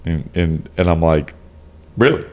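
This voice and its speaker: A man with a fairly low voice talks shop as an ICU nurse in casual podcast chat. He swears freely and leans on "like" and "you know." He slips into quick quoted voices to act out both sides of exchanges. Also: a little mellow. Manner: loose and profane, heavy on "like" and "you know".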